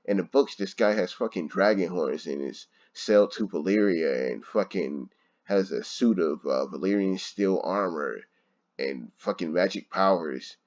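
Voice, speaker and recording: Casting note: deep-voiced male reviewer, exasperated and profane, muffled home recording. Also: lively intonation, measured pace, darkish tone. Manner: frustrated, swearing, laughing often. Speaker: show reviewer. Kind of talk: casual ranting review.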